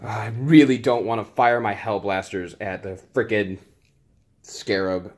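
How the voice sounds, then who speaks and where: A man's voice: fairly low pitch, fairly even intonation, a little slow, darkish tone. A man playing a tabletop wargame, narrating his dice rolls in a casual, playfully exasperated way, with little sound effects as he rolls. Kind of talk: casual play-by-play of a tabletop game.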